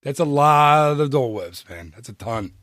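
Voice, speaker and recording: A man co-hosting a podcast in casual chat, excitable, laughing often and reeling off numbers. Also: medium pitch, normal speed, no echo, clean studio sound. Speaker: podcast co-host.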